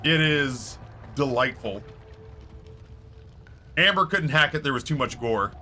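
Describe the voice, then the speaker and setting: Brief: chatty male game streamer, bright voice, meandering anecdotes. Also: medium pitch, slow, faint music behind. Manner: rambling, animated storytelling with many fillers. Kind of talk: casual chat while streaming a game.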